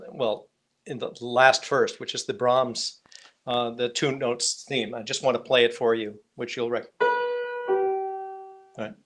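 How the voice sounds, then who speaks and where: Male class instructor, ordinary pitch, halting and searching, wraps up a music lesson. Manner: hesitant, gropes for words, many restarts. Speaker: music teacher. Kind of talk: live online class.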